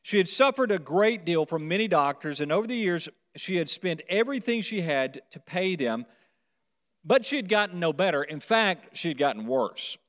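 Guy preaching in a church, kinda high voice, big echoey hall, gets quiet then loud. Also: lively intonation, moderate pace. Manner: preaching with swings from quiet to loud, calls congregation to repeat. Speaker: pastor. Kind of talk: sermon. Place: church sanctuary. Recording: long hall reverb.

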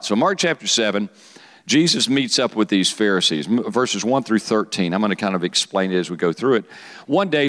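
A man preaching to young people in a middle-pitched voice. He talks in a lively, joking way and keeps asking the room to repeat words back to him. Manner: lively, joking, calls for audience responses. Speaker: youth pastor. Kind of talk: sermon.

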